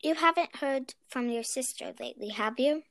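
A woman's voice: sits high, normal speed, a bit bright, no echo. A woman voicing a nervous middle-aged man who mumbles and hesitates in a storybook reading.

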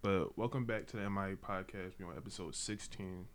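A man's voice: deep voice, fairly even intonation, fairly quick, a little hiss or hum. A man hosting a podcast in casual chat, joking with playful asides. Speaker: podcast host.

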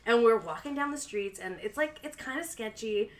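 A woman casually telling a wild story on a podcast, animated and laughing, acting out quotes with a high voice and saying "like" a lot. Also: moderate pace. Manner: frequent "like" fillers. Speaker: podcast co-host.

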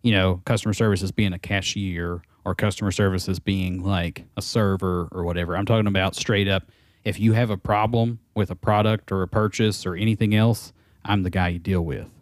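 A man's voice: low-pitched, steady tone, brisk, dry recording, studio quality. A man co-hosting a podcast who talks in a casual, easygoing, rambling way. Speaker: podcast co-host. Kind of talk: casual chat.

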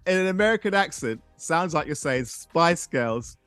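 A man leads a casual podcast chat, playful and always ready to laugh. His pitch leans somewhat high and swings widely as he talks. Faint music plays under his voice. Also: moderate pace, clear, resonant tone, no room sound. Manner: playful, animated, laughs often. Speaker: podcast host.

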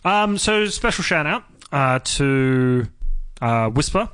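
A young Australian man co-hosting a podcast, casual chat with a joking, deadpan humor. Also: a little high, slow, clear, resonant tone, dry recording, clean studio sound. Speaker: podcast co-host.

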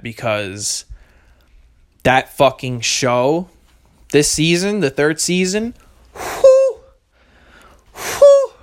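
A man's voice: mid-range voice, a bit bright. A young man hosting a solo podcast, rambling casually with lots of swearing and self-contradiction. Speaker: podcast host.

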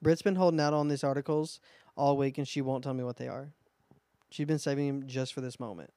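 A man's voice: medium pitch, brisk, dry recording. A young man co-hosting a podcast, telling stories in casual chat and acting out what people said. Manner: lively storyteller, acts out quotes. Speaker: podcast co-host.

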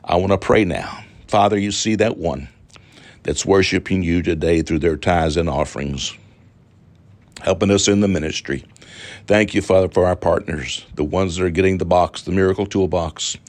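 Fervent low-voiced televangelist man. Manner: fervent and repetitive, with drawn-out emphatic phrases. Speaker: televangelist pastor. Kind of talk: televised sermon with donation appeal.

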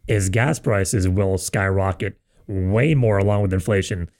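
A man's voice: deep voice, a little slow, darkish tone. A man co-hosting a casual podcast, who swears freely and speculates loosely about things he has heard. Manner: profane, laughs along, speculative. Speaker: podcast co-host.

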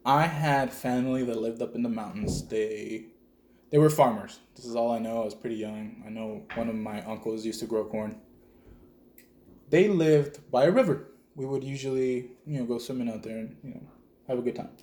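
Man, from El Salvador, casual profane storyteller, mid-pitched voice, echoey room. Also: steady tone, normal speed, a little mellow.

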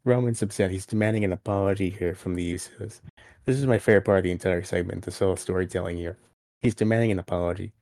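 Deep-voiced man recapping wrestling. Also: steady tone, fast, darkish tone, dry recording, studio quality. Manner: recaps events at length, acting out quoted lines. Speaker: podcast co-host. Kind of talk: casual wrestling review chat.

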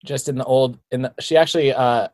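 A man's voice: mid-range voice, steady tone, a little fast, a little mellow, dry recording. A young man chatting casually as a guest, rambling with lots of filler words. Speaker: guest, bike racer. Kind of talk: casual chat.

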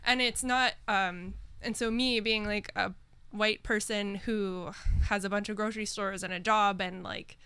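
Woman guest, casual and reflective, smooth voice in a dry room. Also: medium pitch, fairly even intonation, unhurried, pushed and bright, dry recording. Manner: thoughtful, hesitant with many fillers. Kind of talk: casual chat.

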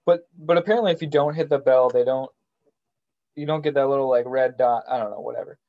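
A man co-hosting a podcast in casual chat, joking and halting with frequent restarts. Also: medium pitch. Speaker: podcast co-host. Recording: dull lo-fi sound.

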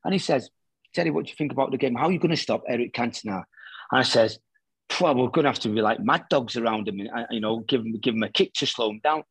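A middle-aged man, a former footballer, chatting casually as a guest and telling lively anecdotes in which he acts out the quoted dialogue. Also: medium pitch, quick pace, slightly rough, no echo. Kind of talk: casual storytelling chat.

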